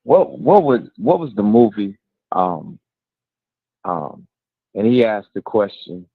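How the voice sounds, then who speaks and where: Low-pitched male panelist calling in over a thin phone line, dry and halting. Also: big pitch swings, gravelly, breathy edge, dry recording. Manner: hesitant, with many fillers. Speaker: talk show panelist. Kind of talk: call-in talk show discussion.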